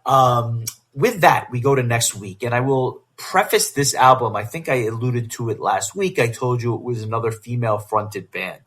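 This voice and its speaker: Male podcast co-host with a husky voice, steady and conversational. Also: medium pitch, moderate pace, few pauses. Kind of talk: casual chat.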